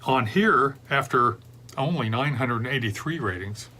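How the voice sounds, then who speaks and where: A man's voice: mid-range voice, lively intonation, moderate pace, bright, forceful tone, a little hiss or hum. A middle-aged man hosting a beer review show, chatting casually and drifting off into long digressions. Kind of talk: rambling casual chat.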